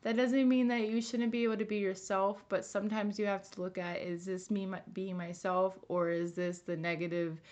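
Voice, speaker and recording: A young woman speaking to camera in a casual wellness vlog. She sounds earnest and chatty, with plenty of fillers and little restarts in her sentences. Her voice sits at an ordinary pitch for a woman. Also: level tone, moderate pace, few pauses, darkish tone. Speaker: wellness vlogger. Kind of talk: casual personal vlog talk.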